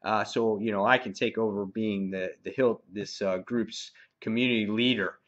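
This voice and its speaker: A man's voice: fairly low pitch, steady tone, moderate pace, lo-fi sound, voice pushed down, lightly acted. A man voicing a resentful young man who plots to take over his community, talking eagerly and casually. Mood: scheming.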